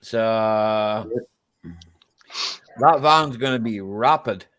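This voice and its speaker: A man's voice: fairly low pitch, very slow, a bit bright. A Scottish man hosting a live chat stream on a video call, chatty and laughing often, swearing freely. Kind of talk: casual chat.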